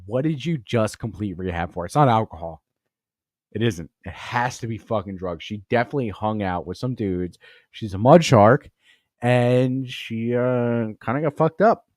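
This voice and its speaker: A man's voice: mid-range voice, normal speed, dry recording, clean studio sound. A man hosting a comedy podcast, telling a crude story in a profane, rambling way and laughing at his own jokes. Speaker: podcast host.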